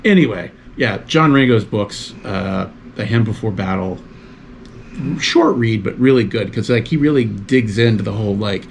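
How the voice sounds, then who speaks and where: A man's voice: on the low side, lively intonation, normal speed, vocal fry, slight background noise. A man, a guest in a casual chat, rambling loosely with lots of fillers.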